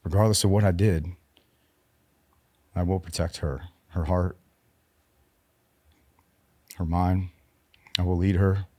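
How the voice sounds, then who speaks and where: A man in his forties, a podcast guest and military veteran, telling his personal story in a halting, subdued way, with frequent restarts. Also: sits low, fairly even intonation, warm tone.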